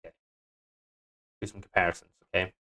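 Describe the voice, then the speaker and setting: A man talking slightly fast live-streams his game coding in a put-on Scottish accent. He mutters away to himself, swears, and now and then erupts in sudden excitement.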